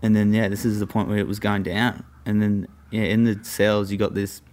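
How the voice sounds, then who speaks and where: A man's voice: lowish voice, flat delivery, normal speed, a little mellow. A young man, a guest, telling a story in a profane, rambling way full of fillers. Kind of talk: casual storytelling.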